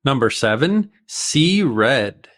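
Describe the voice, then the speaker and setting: A man teaching an English idiom lesson, explaining each phrase slowly and carefully with example sentences. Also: medium pitch, big pitch swings, fairly bright tone.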